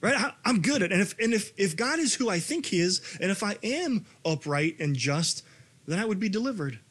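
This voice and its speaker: A man in his thirties preaching a sermon, animated and rising to near-shouting when he reads scripture. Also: high-pitched, a little fast, husky. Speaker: pastor.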